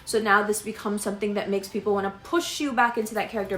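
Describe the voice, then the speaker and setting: A woman giving a casual horoscope reading in a chatty, animated way, sometimes acting out imagined dialogue. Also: medium pitch, fast, roomy sound, very noisy. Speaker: astrologer.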